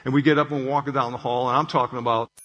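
A man's voice: mid-range voice, fairly even intonation, racing, dull audio, music in the background. A man explaining how stress affects the brain, in a conversational manner, often checking in with "okay?" and telling everyday stories to make his point. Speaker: clinician speaking on stress. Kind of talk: explanatory talk with acted anecdote. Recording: long hall reverb.

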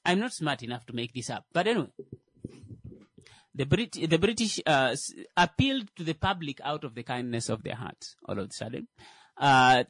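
A man's voice: medium pitch, big pitch swings, normal speed, a bit bright, husky, dry recording. A man giving comedic, sarcastic commentary on tech, rambling with many fillers and restarts. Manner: sarcastic, mocking asides.

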